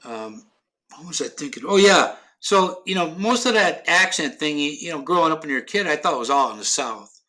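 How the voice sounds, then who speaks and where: A man's voice: on the high side, animated, moderate pace, sharp tone. A middle-aged man from Ohio in casual chat, rambling with many restarts and fillers and casual swearing. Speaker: podcast host.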